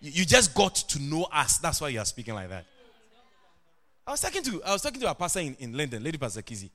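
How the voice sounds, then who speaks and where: Middle-aged guy preaching, high bright voice, swoops way up into shouty sing-song bits. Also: fast talker. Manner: animated, with sudden shouted and sing-song rises. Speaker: pastor. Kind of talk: sermon.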